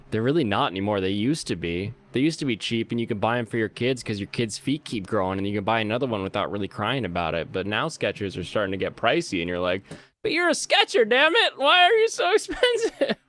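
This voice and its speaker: A man hosting a casual podcast chat, animated, his voice jumping high when he gets exasperated. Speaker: podcast host.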